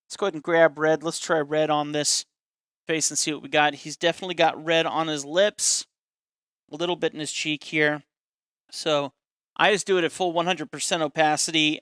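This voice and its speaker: A man's voice: a little high, fairly even intonation, normal speed, pushed and bright, clear, resonant tone, dry recording, clean studio sound. A man casually chatting on a live stream while demonstrating a caricature drawing step by step, self-deprecating and talkative.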